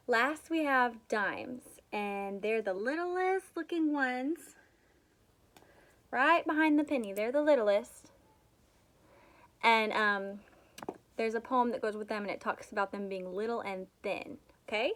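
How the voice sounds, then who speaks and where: A woman's voice: on the high side, takes it slowly, fairly bright tone. A young woman teaching young children a remote math lesson, patient and encouraging, leading them through counting and chanted rhymes.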